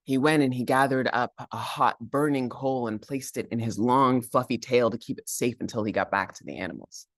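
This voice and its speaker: A man telling a folk tale aloud in an animated, playful way, with chanted sound effects. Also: mid-range voice, normal speed, few pauses, dry recording, studio quality. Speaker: storyteller.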